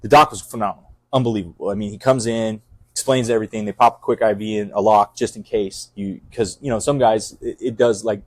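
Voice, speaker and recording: A middle-aged man with a fairly low voice talks fast and intensely, circling back with restarts and fillers. The sound is dry and close, and his manner is that of a casual podcast chat. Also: steady tone, no room sound. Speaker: fire captain.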